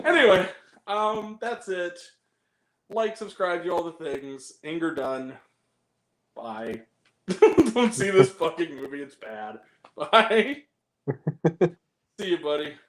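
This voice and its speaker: A man's voice: sits high, animated, unhurried, pauses often, echoey room. A man hosting a movie review podcast, chatting casually in a rambling, profane way, full of fillers and giggles. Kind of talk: casual chat.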